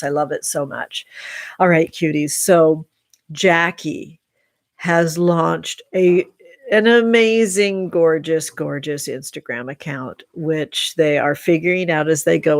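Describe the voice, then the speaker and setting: A woman with a lowish voice hosts a casual tarot livestream from home. She talks very slowly and effusively. The sound is dry and close. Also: no echo. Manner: effusive, slow and drawn-out, affectionate terms for viewers. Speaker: tarot reader and channel host.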